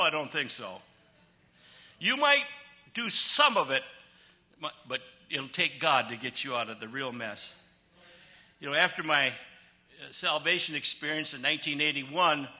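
An older man delivers a sermon in a fairly high, piercing voice. He draws out scripture verses slowly and swings from loud declarations down to quiet, low asides. His tone stays forceful and bright throughout. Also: animated. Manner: emphatic preaching, slow drawn-out scripture reading, big swings between loud and soft. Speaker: pastor.

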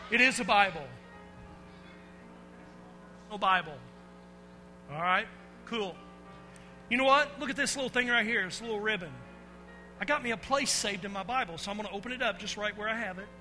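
A man giving a lively children's sermon as a pastor, telling stories with swings from hushed to shouting and calling the kids to answer back. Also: high voice, moderate pace, pauses often. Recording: long hall reverb with faint music.

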